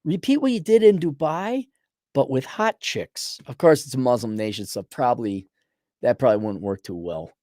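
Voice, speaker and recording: A man's voice: medium pitch, expressive, moderate pace, dark tone, no echo. A man hosts a casual rant, answering a viewer's letter in a blunt, profane way. He rambles and restarts often, with a mid-range voice. The sound is dry and close. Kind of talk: casual ranting commentary.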